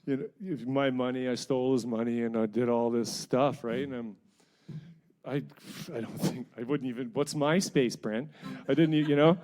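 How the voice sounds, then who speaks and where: A middle-aged singer-songwriter from New Brunswick, telling rambling, self-mocking stories between songs at a house concert. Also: male voice, mid-range voice, fairly even intonation, moderate pace, a little mellow. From New Brunswick, Canada. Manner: rambling, self-mocking anecdotes with frequent chuckles. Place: living room at a house concert.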